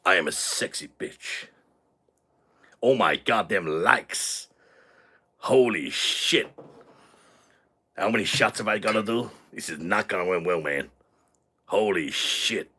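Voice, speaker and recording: A crude, boastful drunk man, put on by a live-stream host, rowdy and swaggering. His voice sits very low with a husky grain, yet it cuts through with a bright, forceful edge. He sounds tipsy from the shots he keeps taking. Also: expressive, takes it slowly, long pauses, heavily acted. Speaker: livestream host. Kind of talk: live stream chat in character.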